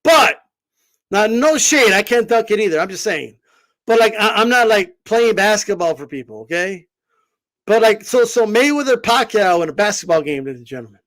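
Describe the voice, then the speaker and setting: A man talking boxing in a casual vlog, animated and swearing, rambling with lots of fillers. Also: high-pitched, moderate pace. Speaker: boxing commentator.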